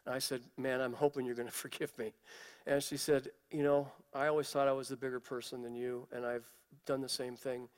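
A man's voice: medium pitch, little pitch movement, brisk, clear, resonant tone, big-room sound. A man giving a conversational sermon, telling personal stories with fillers and asides.

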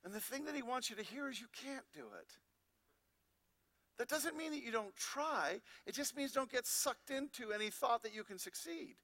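A man preaching with a very high, bright voice. He keeps firing rhetorical questions at his listeners and reads scripture aloud in a lively sermon. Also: normal speed. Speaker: pastor.

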